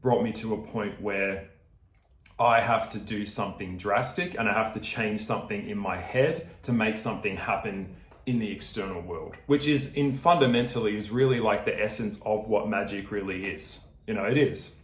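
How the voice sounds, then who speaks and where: A man's voice: on the low side, normal speed, roomy sound. A man with an Australian accent talking straight to his viewers in a casual, swearing rant. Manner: swearing, ranting, laughing, addresses viewers directly. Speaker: video creator. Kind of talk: casual vlog chat.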